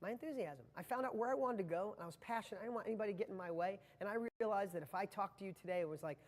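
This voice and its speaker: A man's voice: sits high, very fast, long reverb tail. A man giving a live motivational training talk to viewers, speaking with passion and a rambling flow full of restarts.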